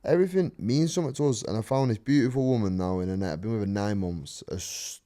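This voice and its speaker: A man talks fast and earnestly, his words tumbling out with loose repeats and casual swearing. His voice sits low and dark. It sounds like a relaxed podcast chat with a fighter. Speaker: fighter guest.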